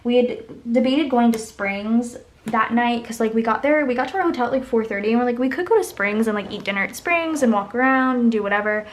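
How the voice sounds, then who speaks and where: Young woman, casual rambling planner vlog, slightly high voice, lots of fillers. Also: a little fast, a little hiss or hum. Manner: chatty, rambling storytelling, lots of "like". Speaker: planner vlogger. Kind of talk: casual chat while decorating a planner.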